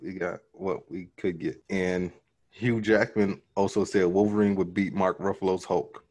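A man with a fairly low voice co-hosting a casual podcast. He talks in a relaxed, easygoing way. He brings in news items by reading them out. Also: a little slow. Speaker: podcast co-host. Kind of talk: casual chat.

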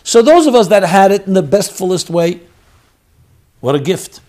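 A man giving a sermon, swinging between loud exhortation and quiet storytelling. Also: sits high, animated, normal speed.

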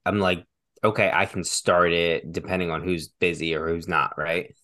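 A man's voice: low-pitched, steady tone, normal speed, bright, forceful tone. A man co-hosting a podcast in casual chat, joking around and cutting in with quips. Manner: joking, interjecting, laughs often. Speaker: podcast co-host.

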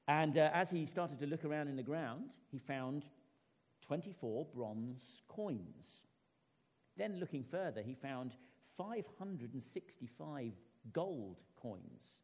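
A man's voice: a little high, a little mellow. A man preaching a sermon in a conversational way, often tossing rhetorical questions to his congregation. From England. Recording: reverberant hall, slightly dull sound.

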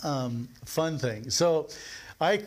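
A man preaching to his congregation in a slightly higher-than-usual voice. He keeps it conversational, stopping often to put questions to the people in front of him. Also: very slow. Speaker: pastor. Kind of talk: sermon. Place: church.

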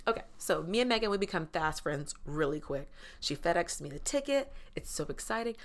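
A woman's voice: on the low side, lively intonation, a little fast. A woman telling a comic personal story in a dramatic, slangy, gossipy way. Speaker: comedic storyteller. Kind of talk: comedic storytelling monologue.

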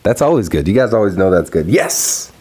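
Speaking a little fast in a low, slightly rough voice, a young man vents on his own video about something online that got on his nerves. The rant is casual, profane, exasperated and animated, and he's recording by himself at home.

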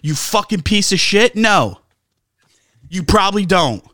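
A man on a sports podcast tears into his critics in a high, strained voice, swearing constantly and dripping with sarcasm. The sound is dry and close, with no room around it. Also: lively intonation, unhurried, sharp tone, dry recording. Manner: profane, ranting, sarcastic. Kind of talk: heated sports talk rant.

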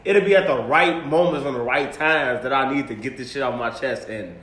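A man's voice: medium pitch, fairly quick, fairly bright tone, roomy sound. A man co-hosting a podcast, chatting casually and telling reflective stories with quoted lines. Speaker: podcast co-host.

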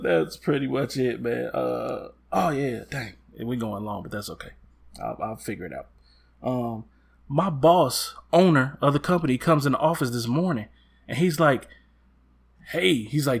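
A man co-hosting a casual chat, telling stories with lively acted-out quotes and laughter. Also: medium pitch, vocal fry, breathy edge. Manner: animated, acts out quotes with loud jumps and laughs. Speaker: podcast co-host.

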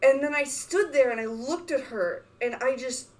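A woman in her thirties chatting casually as a podcast co-host, an animated storyteller who laughs often and acts out voices. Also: high-pitched, normal speed. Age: 30s. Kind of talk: casual chat.

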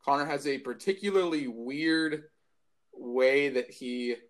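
A man's voice: mid-range voice, slow pace. A young man co-hosting a podcast, chatting casually with teasing, goofy mock outrage. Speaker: podcast co-host. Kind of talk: casual chat.

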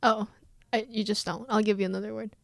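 A woman's voice: mid-range voice, little pitch movement, fast talker, vocal fry, dry recording, clean studio sound. A woman co-hosting a podcast in casual chat, asking questions and laughing easily. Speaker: podcast co-host.

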